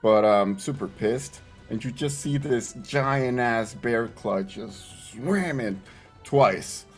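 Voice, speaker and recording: A man playing a tabletop game talks through his character's moves at a slow, unhurried pace. He is excitable and quick to swear. Faint music plays behind him. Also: medium pitch. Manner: excitable, swearing, gets emotional. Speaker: player. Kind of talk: tabletop game play, describing actions.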